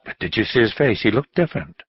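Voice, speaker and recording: A man's voice: lowish voice, sing-song, fast talker, breathy edge, dry recording, highs cut off, exaggerated voice. A man reading an audiobook and voicing an eager little older man who insists he spoke to the bullfighter. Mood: excited. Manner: eager, insistent, rising to exclaim.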